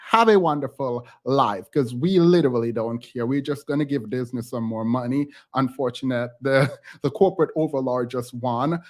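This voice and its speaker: A man's voice: medium pitch, moderate pace. A man hosting a reaction commentary channel, talking in a sassy, emphatic and dismissive way.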